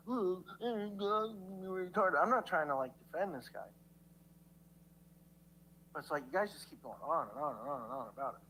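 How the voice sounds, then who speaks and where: A man's voice: mid-range voice, expressive, a little fast, long pauses, sharp tone, a little hiss or hum, low-quality recording. Rambling, swearing man ranting. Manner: rambling, stammering restarts, heavy swearing. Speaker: livestreamer in played clips. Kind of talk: rambling profane rant.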